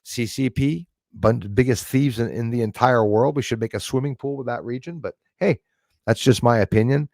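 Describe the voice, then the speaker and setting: A Canadian man in his 40s hosts a live stream, reading viewer comments, greeting people by name, and ranting with strong opinions while laughing between remarks. His mid-range, darkish voice moves at a moderate pace, recorded dry with clean studio sound.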